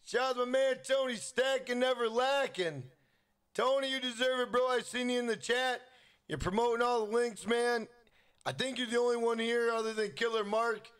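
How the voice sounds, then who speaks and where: A man's voice: extremely high pitch, fairly even intonation, moderate pace, smooth. A young man from Minnesota live streaming a game, chatting casually, swearing freely and hyping up his chat. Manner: hyped, profane, shouts out chat members.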